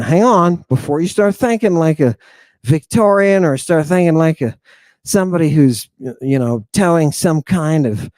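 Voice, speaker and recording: An excitable man delivers an online lesson, repeating himself for emphasis and swinging between loud outbursts and hushed asides. His voice sits a little high for a man. The sound is dry and close, with no room around it. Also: no room sound. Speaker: teacher. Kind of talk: animated online lecture.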